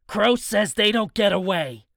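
A man's voice: sits high, expressive, measured pace, gravelly, a bit bright, no echo, clean studio sound, pitched above the performer's own voice, heavily acted. A man voicing a ruthless male gang leader, barking harsh orders at his crew. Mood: menacing.

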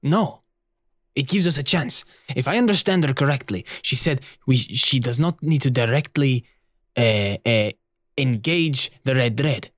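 A man's voice: medium pitch, expressive, measured pace, no room sound. Man playing a tabletop game, dry sound. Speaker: player. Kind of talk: tabletop role-play.

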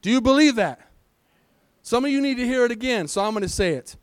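High-voiced preacher asking rhetorical questions. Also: male voice, lively intonation, brisk, no echo, studio quality. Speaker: pastor. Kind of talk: sermon. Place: church sanctuary.

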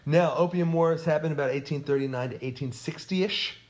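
Male podcast co-host, mid pitch, loose and jokey, self-deprecating history storyteller. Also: a little fast, crowd noise. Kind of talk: casual history chat.

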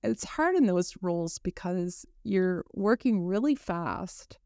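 A woman's voice: on the low side, lively intonation, slow, dark tone, smooth, no echo, clean studio sound. A woman hosting a casual podcast chat, chiming in with sympathetic, relatable remarks.

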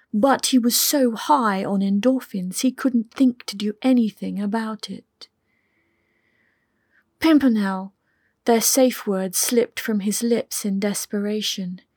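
A woman narrates an audiobook softly and intimately, often dropping to a whisper. She reads slowly and unhurriedly, close to the mic. The sound is dry and close. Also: medium pitch, no room sound. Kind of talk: scripted narration.

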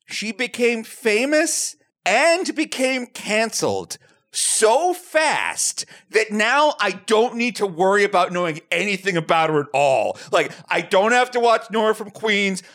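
A man hosting a comedy podcast, with a high and very lively voice that jumps around as he riffs. He jokes loudly and breaks into silly bits, talking into an online call microphone. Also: a little slow. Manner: animated, loud bursts, jokey impressions. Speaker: podcast host.

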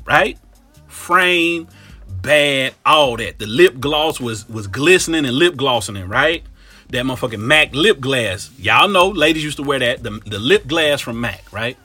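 A man from Cincinnati telling a comic story in slangy, profane talk, full of animated asides. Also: medium pitch, measured pace, slightly rough, faint music behind. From Cincinnati, Ohio.

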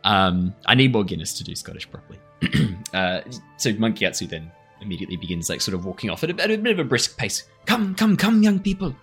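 Husky, lively-pitched GM, chatty and self-mocking. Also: male voice, quick pace, soft background music. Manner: rambling, self-deprecating, laughs often. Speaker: game master. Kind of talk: casual tabletop game chat.

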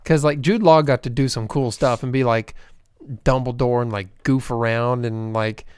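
Dry, joking man with a smooth voice. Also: medium pitch, steady tone, moderate pace, darkish tone, no room sound. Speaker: podcast co-host. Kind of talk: casual chat reviewing a film.

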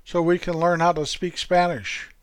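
A man voicing Forky, an earnest, goofy high school freshman boy, in a raised voice. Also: flat delivery, normal speed, clear, resonant tone, no room sound, lightly acted.

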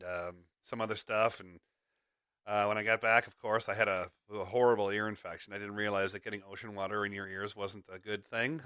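A man's voice: fairly low pitch, sharp tone, smooth, no echo, clean studio sound. A man hosting a podcast in rambling casual chat, chuckling between thoughts, with a slight clicky sound to his voice. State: slight clicky voice from ear infection. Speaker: podcast host.

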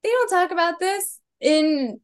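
A woman in her thirties, a comedian on a podcast, telling stories in an animated way with laughter. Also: extremely high pitch, measured pace. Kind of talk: casual chat.

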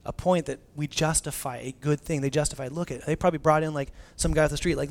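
A man's voice: fairly high pitch, fairly even intonation, quick pace, creaky. A man delivering a conversational sermon, his voice sitting a bit above the usual male range. He preaches casually and animatedly, often restarting his phrases and leaning on filler words as he talks to his congregation. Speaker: pastor.

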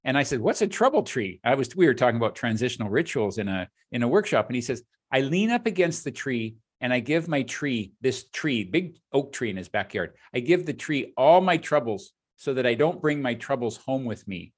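A man's voice: mid-range voice, a little fast, few pauses, slightly rough. A middle-aged man hosting a podcast, telling stories in a reflective, conversational way. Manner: storytelling, reflective, animated. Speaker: podcast host, leadership coach.

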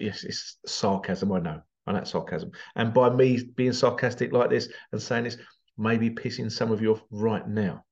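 A man's voice: fairly low pitch, fairly even intonation, moderate pace, gravelly, a little mellow, dull audio. A man talking casually to camera in a rambling way, full of sarcastic rhetorical questions. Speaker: vlogger.

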